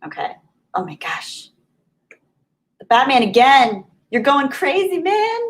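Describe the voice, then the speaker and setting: A woman's voice: on the high side, very animated, measured pace, poor audio. A young woman chatting casually on a live stream, reading out viewer donations with frequent laughs and off-the-cuff asides.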